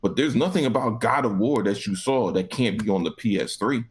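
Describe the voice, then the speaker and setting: A man's voice: on the low side, animated, a little fast, slightly rough. A man co-hosting a gaming podcast, ranting casually with lots of profanity and acted-out back-and-forth. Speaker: podcast co-host.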